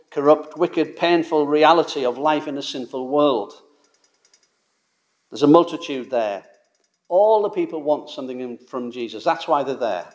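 A man preaching a sermon, with an emphatic delivery that swells and drops in loudness to stress his points. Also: medium pitch.

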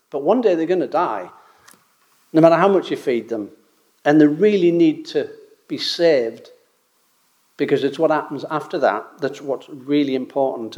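High-voiced man preaching a sermon. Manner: animated, rhetorical questions, acts out the crowd's voices.

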